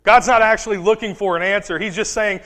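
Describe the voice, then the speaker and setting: High-voiced preacher in a reverberant hall. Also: male voice. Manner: animated preaching, voices Bible figures in quick asides. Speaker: pastor. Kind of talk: sermon.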